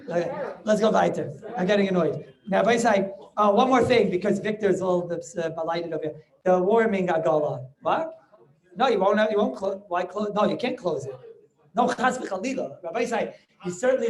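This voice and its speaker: A middle-aged rabbi with a high-pitched voice teaches a casual class by video call, picked up on the call's microphone. He speaks haltingly with many restarts and laughs while joking with students.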